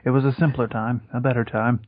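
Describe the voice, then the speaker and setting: A man co-hosting a podcast in casual comedic chat, deadpan and rambling with many fillers. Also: medium pitch, fast talker, no echo. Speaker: podcast co-host. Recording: dry, dull lo-fi sound.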